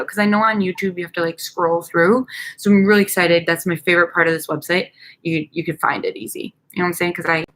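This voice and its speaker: A woman's voice: fairly low pitch, a bit bright. Young woman with a Chicago accent, casual vlog host; upbeat, rambling, giggly delivery, recorded outdoors at night. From United States. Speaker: dental hygienist vlogger.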